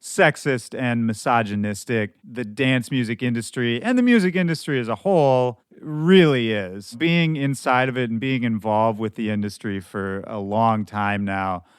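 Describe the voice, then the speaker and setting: Male podcast host, hoarse and a bit shredded, smooth close dry sound, relaxed candid monologue. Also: medium pitch, moderate pace, few pauses, no room sound. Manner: candid, loose and conversational, with some swearing. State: hoarse from shouting at a show.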